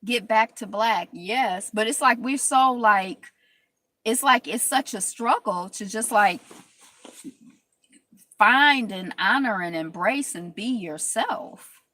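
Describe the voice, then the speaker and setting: A woman hosting a casual talk stream, telling stories in lively quoted voices and reading viewer comments aloud. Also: a little high, slow pace. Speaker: host.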